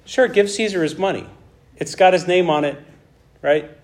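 A man preaching a conversational Bible teaching, who acts out the dialogue with animated asides. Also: high-pitched, moderate pace.

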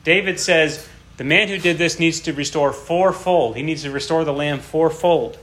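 A man's voice: fairly high pitch, moderate pace, fairly bright tone. A man preaching a sermon who reads scripture aloud with rising dramatic emphasis and explains between readings in a plain teaching tone.

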